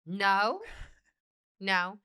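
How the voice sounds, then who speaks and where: A woman's voice: medium pitch, extremely slow, sharp tone, clean tone. A woman co-hosting a casual talk show, blunt and matter-of-fact, now and then swearing. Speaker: co-host. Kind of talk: casual chat.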